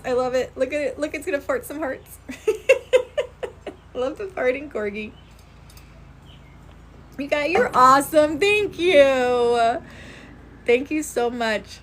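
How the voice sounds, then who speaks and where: A woman speaking in a slightly high voice, earnest and motivational, on a casual livestream. She talks outdoors into a phone and thanks viewers by name as she goes. A faint outdoor hum sits behind her. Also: animated, slow, long pauses, fairly bright tone. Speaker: spirit medium on a livestream.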